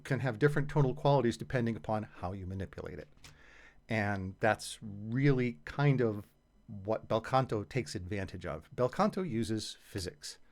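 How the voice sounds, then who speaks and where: A man giving a voice lesson, talking through singing technique in a relaxed, patient way. His pitch moves around a lot as he speaks, and he sounds like he is chatting more than lecturing. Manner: conversational, explains patiently with casual fillers. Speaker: singing teacher. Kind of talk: explanatory voice lesson.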